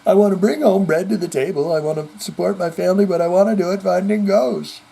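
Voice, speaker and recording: A man's voice: sits high, steady tone, fast, vocal fry, mellow, breathy edge, voice pushed up, exaggerated voice, poor audio. A man imitating a tearful male ghost hunter who pleads in a whiny voice. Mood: tearful pleading.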